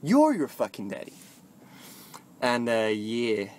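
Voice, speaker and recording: A young man vlogging into his phone in a free-flowing motivational ramble. He swears a lot and swings from soft mumbles to loud, half-sung bursts. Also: medium pitch, huge pitch swings, slow pace. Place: moving vehicle, talking to a phone.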